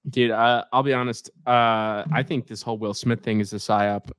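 A man's voice: mid-range voice, moderate pace, clear, resonant tone, dry recording, studio quality. A young man co-hosting a podcast in casual, joking chat. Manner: joking, animated. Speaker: podcast co-host.

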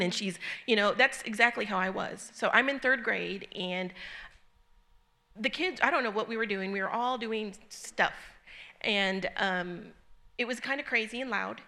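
A middle-aged woman preaching informally to a church group, her voice bright and clear. She speaks in an earnest, conversational way, often pausing on ums and restarting her sentences. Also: medium pitch. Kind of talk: informal sermon with personal story.

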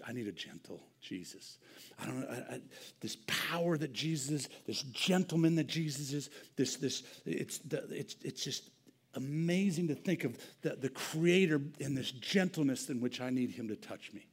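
Impassioned male preacher, whisper to shout. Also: medium pitch, animated, moderate pace, breathy edge. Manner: swings between hushed near-whispers and loud impassioned preaching; repeats words and restarts phrases in earnest bursts. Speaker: pastor. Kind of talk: sermon. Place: church sanctuary.

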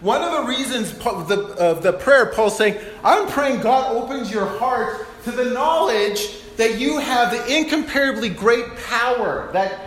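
High-voiced preacher in an echoey hall. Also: male voice, a little slow, few pauses. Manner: animated, acts out Bible quotes, laughs at himself. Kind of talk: sermon.

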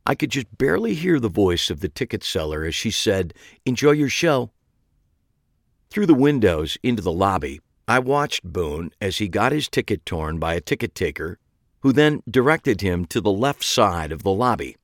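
A man's voice: lowish voice, no room sound. A man narrating a first-person story in a dry, wry way.

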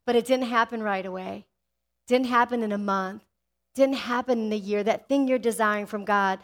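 A woman's voice: a little high, moderate pace, fairly bright tone. A woman pastor delivering a sermon with energy, often asking the congregation "amen?" and telling personal stories. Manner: personal storytelling.

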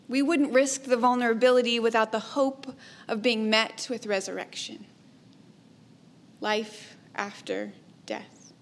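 In a sermon marked by slow, deliberate pacing, a woman whose voice sits a bit high for her sex offers a measured, reflective delivery. Her sentence endings fade out softly.

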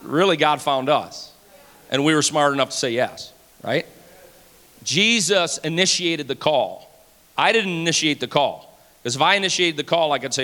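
A pastor delivers a fervent sermon to his church, his fairly high, lively voice rising to shouts at normal speed. The recording carries the reverb of the sanctuary hall.

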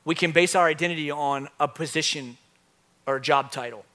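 A male pastor in his thirties preaching a sermon to a church congregation, telling stories with big swings from quiet to loud. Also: fairly high pitch, brisk. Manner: animated storytelling, swings from soft to loud. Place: church with live audience.

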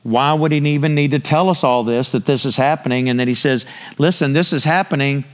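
A man's voice: medium pitch, steady tone, brisk. A man preaching a sermon, speaking emphatically and posing rhetorical questions to the congregation. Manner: draws listeners in with repeated cues.

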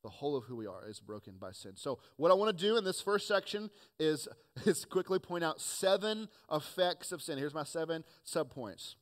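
A man delivers a sermon in a slightly raised voice. He moves from loud, emphatic points down to quiet, earnest asides as he preaches. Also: a little high, animated, normal speed. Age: adult, has children. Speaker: pastor.

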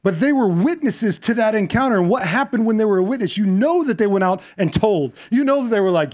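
A man preaching a sermon, retelling a story with shifts from quiet, hushed passages to impassioned, louder ones. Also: high-pitched, lively intonation, fairly quick, few pauses.

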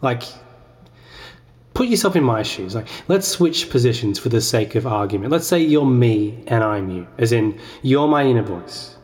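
A man's voice: mid-range voice, animated, normal speed, darkish tone. A man, hosting a podcast and rambling in a self-deprecating comic monologue as he argues with himself. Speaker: podcast host. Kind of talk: comedic sketch monologue.

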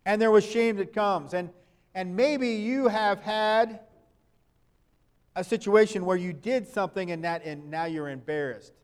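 A man's voice: high-pitched, measured pace, clean tone. A man preaching a sermon in a conversational way, asking his listeners questions and reading scripture aloud. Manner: reads scripture verses aloud.

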